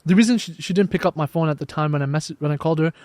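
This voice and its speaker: A young man chats on a podcast in a fairly high voice, recorded close and dry. He tells his story with animated energy, acting out what others said along the way. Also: rapid-fire, no room sound. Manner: animated storyteller, acts out quoted dialogue. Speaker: podcast guest, life coach. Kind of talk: casual podcast conversation.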